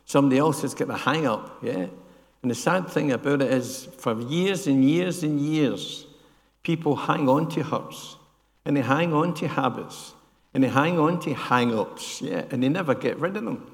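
An older man with a gravelly, mid-range voice preaches in a church with large-hall acoustics, speaking at a moderate pace. He often puts questions to the congregation and tags his lines with "yeah?".

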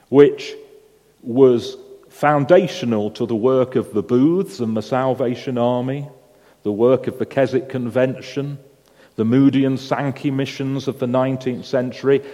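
A man's voice: medium pitch, dark tone. A man preaching a sermon to a congregation, telling stories and asking the listeners questions. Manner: storytelling, asks the congregation questions. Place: church hall with a congregation. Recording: long hall reverb.

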